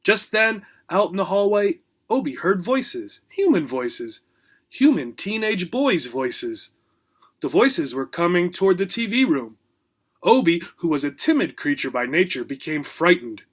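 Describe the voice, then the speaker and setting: A male teacher reading a children's chapter book aloud for English learners, with expressive storytelling. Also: high voice, measured pace, breathy edge.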